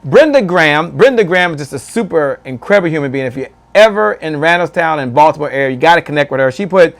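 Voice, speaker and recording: A man's voice: a little high, animated, fast talker. A male host of a live online show, talking with hype and energy, repeating phrases and calling people "man" as he reads out viewer comments. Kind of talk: live-stream interview and shout-outs.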